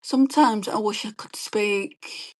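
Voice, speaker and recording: A woman, chatting quickly and rambling as she does her makeup and reads viewer comments on a beauty livestream. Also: medium pitch. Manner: fast-talking, chatty, rambling. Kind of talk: casual chat while doing makeup and reading live comments.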